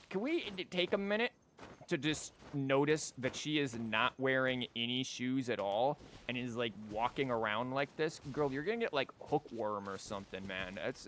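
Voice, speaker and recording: A man's voice: mid-range voice, a bit bright, a little hiss or hum. A young man streaming a game, rambling and joking with frequent stammers. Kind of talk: casual gameplay commentary.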